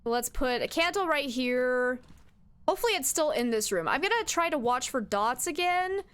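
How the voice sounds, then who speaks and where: A woman's voice: high-pitched, animated, moderate pace, fairly bright tone, clean tone. A young woman streaming a horror game, chatting to her viewers and talking back to the ghost with jumpy outbursts. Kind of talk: live game commentary.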